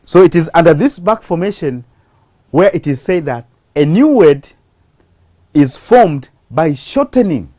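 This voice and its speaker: A teacher giving a slow, deliberate televised English grammar lesson, posing questions to the class and answering them. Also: mid-range voice, big pitch swings, warm tone, dry recording.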